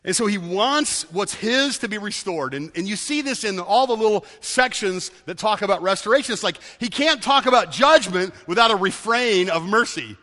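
High, bright-voiced preacher in a hall. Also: male voice, lively intonation, moderate pace, hardly any pauses. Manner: emphatic, repeats key words for stress. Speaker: pastor. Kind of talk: sermon.

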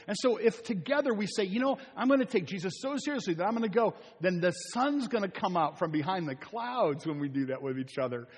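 A man's voice: high voice, breathy edge, in a large hall. Earnest older male pastor preaching. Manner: earnest, repetitive, pleading delivery. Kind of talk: sermon. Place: church sanctuary.

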